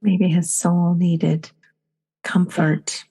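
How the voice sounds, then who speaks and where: Low-voiced middle-aged woman co-host. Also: level tone, very slow, dark tone, husky. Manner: gushing, storytelling. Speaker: podcast co-host. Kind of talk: casual spiritual chat.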